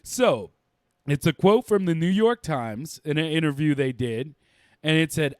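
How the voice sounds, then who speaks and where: A man's voice: fairly high pitch, animated, a little slow, a little mellow, smooth, dry recording, clean studio sound. A man co-hosting a casual podcast, swearing freely and cracking up with laughter as he reads a quote aloud. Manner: keeps breaking into helpless laughter while reading. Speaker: podcast co-host.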